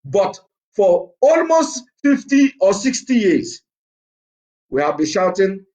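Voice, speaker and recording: High-voiced preacher, defiant. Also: male voice, big pitch swings, slow pace, a little mellow, rough recording. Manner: emphatic, repetitive, defiant. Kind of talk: impassioned political preaching.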